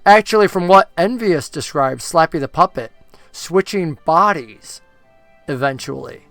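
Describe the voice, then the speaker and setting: A game master narrating a tabletop role-playing game in a lively, storytelling manner. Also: mid-range voice, dry recording. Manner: lively storytelling, with frequent acted voices.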